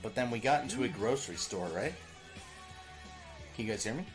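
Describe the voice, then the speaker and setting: Man, casual stream chat, rambling, animated, swears freely, desk mic, clear music behind. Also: medium pitch, a little fast. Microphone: desk microphone.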